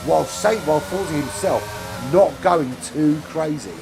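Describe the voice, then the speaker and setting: Commentating on an online sim race, a man with a slightly high voice and vocal fry speaks at a moderate pace, chatty and full of fillers, and his calls turn excited on overtakes. Music runs beneath his voice.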